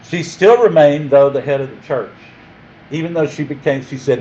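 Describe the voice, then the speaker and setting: A man teaching a history class in a jokey, animated way, often quizzing his listeners. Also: fairly high pitch, moderate pace, muffled recording, slight background noise.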